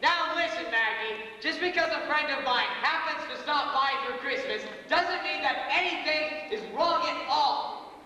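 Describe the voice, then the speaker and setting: A teenage boy acting a cranky, sharp-tongued celebrity on a school stage, bossy and impatient. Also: extremely high pitch, moderate pace, full character voice. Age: teen. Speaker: stage actor. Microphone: distant room mic. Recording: echoey school stage from far off.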